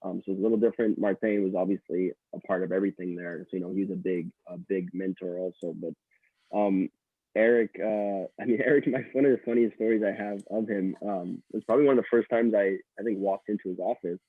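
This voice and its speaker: A man's voice: sits low, fairly even intonation, brisk, breathy edge, no room sound. A young man from Quebec, a college hockey player telling stories as a guest, rambling with many fillers and restarts. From Quebec, Canada. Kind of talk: casual storytelling interview. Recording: dry tinny call audio.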